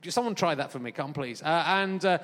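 A man's voice: a little high, a little fast, fairly bright tone. A man in his fifties hosting a comedy podcast live on a theatre stage, chatting in a rambling, self-mocking way with lots of fillers. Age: 50s. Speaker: podcast host performing live. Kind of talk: rambling comic stage chat. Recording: long theatre-hall reverb.

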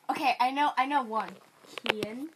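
A woman's voice: sits high, measured pace. A teenage girl co-hosting a casual podcast with friends, bubbly and swearing casually. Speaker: podcast co-host. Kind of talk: casual chat among friends. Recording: faint background noise.

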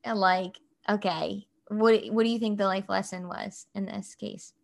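A woman's voice: mid-range voice, a little slow, vocal fry. A woman in her thirties, a mother, telling a family story in casual chat, filling her speech with "like" as she goes. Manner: animated, fills speech with "like".

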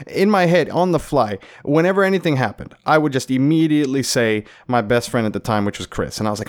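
A young adult man from Florida telling a comic story, animated and profane, laughing often. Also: mid-range voice, fast talker, hardly any pauses. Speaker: comedian. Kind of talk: comedic storytelling.

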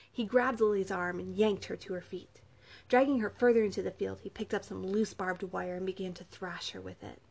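Woman narrating with vocal fry. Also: medium pitch, brisk. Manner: even storytelling. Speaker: audiobook narrator. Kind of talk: scripted narration.

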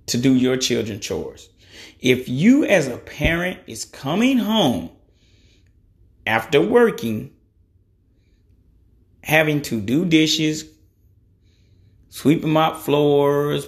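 A man in his thirties giving his opinions in a blunt, conversational monologue, cussing freely and leaning on "you know.". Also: on the high side. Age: 30s. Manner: frequent "you know" fillers. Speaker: podcast host.

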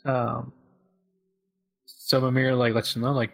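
Young male co-host, casual game recap, relaxed and rambling, middle pitch. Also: unhurried, vocal fry, pauses often. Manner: relaxed, filler-heavy storytelling. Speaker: podcast co-host.

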